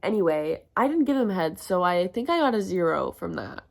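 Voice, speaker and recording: A woman's voice: lowish voice, very animated, brisk, creaky. A young woman telling stories in a casual, crude and self-mocking way, full of fillers. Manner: chatty, crude and self-mocking, heavy use of "like". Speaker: vlogger. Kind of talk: casual storytime.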